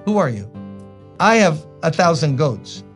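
A stingy rich man, as a preacher puts him on, sneers and waves strangers away. The voice sits fairly high and lively, with faint music underneath. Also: unhurried. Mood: dismissive. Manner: scornful, brushing people off. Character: surly, stingy rich man, male, dismissive.

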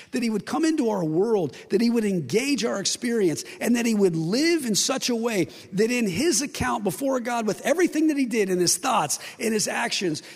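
A man's voice: high-pitched, gravelly, husky. A man preaching a sermon, acting out the voices of God and his listeners. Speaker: pastor. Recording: long reverb of a large hall.

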